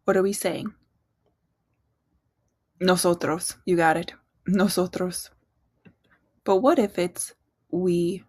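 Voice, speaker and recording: A woman's voice: medium pitch, darkish tone, husky, no echo. A woman teaching a Spanish lesson, patiently drilling words and prompting the listener to answer.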